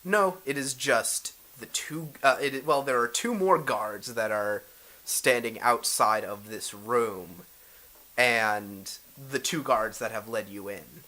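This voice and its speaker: Bright-voiced man running a game. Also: medium pitch, takes it slowly, poor audio. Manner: hesitant with many fillers. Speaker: game master. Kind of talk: narrating a tabletop role-play game.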